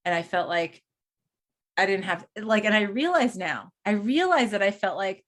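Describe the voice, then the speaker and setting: This podcast co-host and coach is a middle-aged woman with a medium-pitched, fairly bright voice and lively intonation, speaking at a moderate pace. On her spiritual podcast she talks casually, rambling and musing aloud with many restarts.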